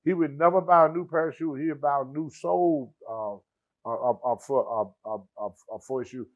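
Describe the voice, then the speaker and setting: A man who is a guest on a show, telling stories in a casual, animated way. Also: a little high, moderate pace, lo-fi sound. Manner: animated, acts out the people in his stories. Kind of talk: casual storytelling.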